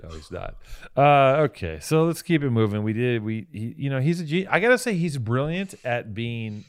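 A man's voice: medium pitch, sing-song, normal speed, dry recording, studio quality. A man hosting a podcast who laughs a lot and rants in casual banter. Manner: laughing, ranting, fired up. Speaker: podcast host.

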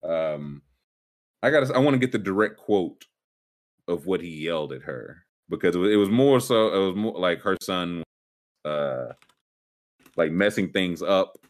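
Deep-voiced man in wry sports chat. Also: animated, normal speed, long pauses. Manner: rambling, lots of fillers and restarts; sarcastic, wry.

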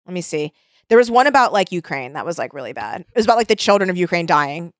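A woman's voice: fairly low pitch, big pitch swings, fast, no room sound, studio quality. A woman co-hosting a casual chat, reading posts aloud and breaking into laughter. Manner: giggly, exclaiming, breaks into laughter while reading. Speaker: podcast co-host.

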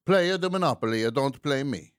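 A man's voice: mid-range voice, expressive, a little fast, dry recording, studio quality, pitched above the performer's own voice, natural voice. A man imitating a boastful, muscular young Italian man with an exaggerated Italian accent and sing-song delivery. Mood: proud.

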